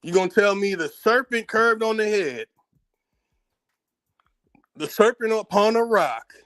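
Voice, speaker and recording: A man's voice: high voice, lively intonation, a little slow, a bit bright. Man firing off heated rhetorical questions. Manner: fires off rhetorical questions, repeats them, emphatic; informal, blunt, with profanity. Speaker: speaker giving a monologue. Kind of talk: heated spoken commentary.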